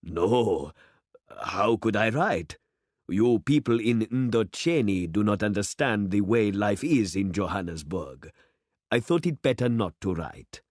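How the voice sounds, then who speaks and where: A man's voice: on the low side, animated, a little slow, darkish tone, no room sound. A man voicing a worldly, boastful middle-aged city man who speechifies with rising fervor, in a dry, close storybook reading. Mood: jovial. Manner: expansive, speechifying, rising to oratory.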